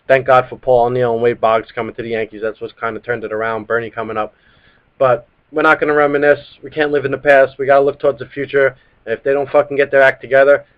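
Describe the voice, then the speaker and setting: A man, hosting a live sports talk show and ranting heatedly with plenty of profanity. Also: mid-range voice. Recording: dull lo-fi live stream audio.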